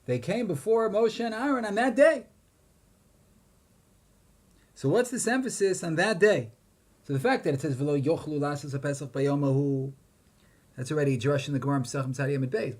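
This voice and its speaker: A man's voice: on the high side, brisk, darkish tone. A man giving a Torah lecture, posing questions and chanting Hebrew verses with emphasis. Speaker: rabbi teaching Torah.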